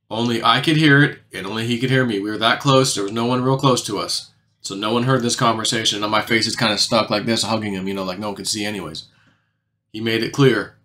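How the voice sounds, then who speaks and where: A man with a bright, ringing voice talks through a long personal story to his audience. His delivery is loose and rambling, padded with filler words. He often sinks lower and softer to stress a point. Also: normal speed. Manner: rambling, heavy on "you know" fillers, drops quieter for emphasis. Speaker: channel host recounting a dream. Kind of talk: casual monologue.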